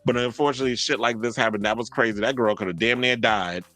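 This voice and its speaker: Chatty profane man, bright voice. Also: mid-range voice, fast, no room sound. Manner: chatty, profane, animated, laughs often. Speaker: host. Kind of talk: casual commentary monologue.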